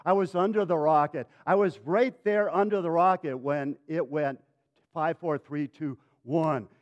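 A man preaching a sermon as pastor, dramatic, swinging between loud and hushed. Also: fairly high pitch, measured pace, lo-fi sound.

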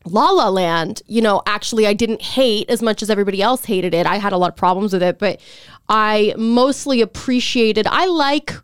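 A woman's voice: mid-range voice, moderate pace, smooth, no room sound, clean studio sound. A woman hosting a casual podcast chat, rambling with restarts and swearing freely. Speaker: podcast host.

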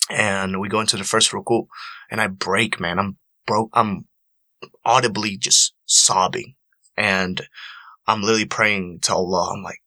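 A man's voice: on the low side, bright, forceful tone, no room sound. A young man, an actor on a panel, telling a personal story in an earnest, emotional way, repeating phrases for emphasis.

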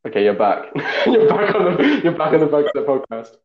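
Jokey young host, roomy sound. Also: male voice, on the high side, big pitch swings. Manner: jokey and teasing, quick to laugh. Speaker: podcast host. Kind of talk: casual chat. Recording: roomy, dull-sounding recording.

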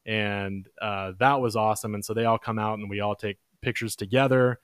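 A man's voice: a little fast, clear, resonant tone, dry recording, clean studio sound. Chatty young man telling a story. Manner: relaxed, chatty, acts out quotes in a higher voice. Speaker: podcast host. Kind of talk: casual storytelling.

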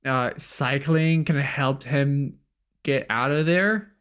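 A man's voice: mid-range voice, takes it slowly, a bit bright, clear, resonant tone. A man with a French accent, a native French speaker, co-hosting a podcast in a casual way with many fillers. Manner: casual, lots of fillers like "like" and "you know". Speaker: podcast co-host.

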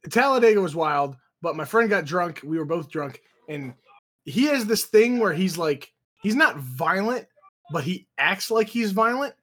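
A man's voice: high voice, lively intonation, unhurried, a bit bright. A young man co-hosting a podcast over a video call, telling a rambling, profane story packed with filler words. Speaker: podcast co-host. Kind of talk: casual chat.

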